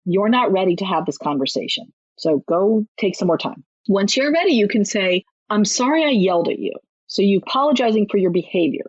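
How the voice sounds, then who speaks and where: A chatty woman author on a podcast, talking emphatically and sometimes slipping into a higher voice to act out quotes. Her voice is husky and breathy, and the sound is dry and a little dull and lo-fi. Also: expressive, brisk, few pauses, dry recording. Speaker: parenting author and guest. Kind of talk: podcast interview.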